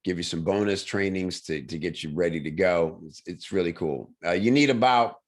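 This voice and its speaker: A man hosting a relaxed online chat, his voice sitting very low. He talks with eager enthusiasm, looping through fillers and quick restarts as he explains things. It sounds like a video call. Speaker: host.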